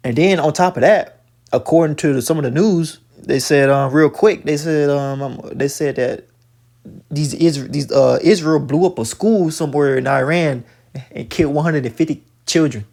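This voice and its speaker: A man with a somewhat high, husky voice comments on a video he is watching. He preaches in an emphatic, repetitive way, full of profanity, and often stammers through restarts before landing his point. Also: normal speed, darkish tone. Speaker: religious commentator reacting to a video.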